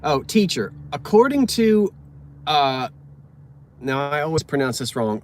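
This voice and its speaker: A man's voice: a little high, big pitch swings, a little slow, long pauses, a little hiss or hum. A man chatting casually and reading out corny jokes, poking fun at himself and tripping over words. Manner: chatty, self-mocking, stumbles over words. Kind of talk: casual chat from a parked car. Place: inside a car.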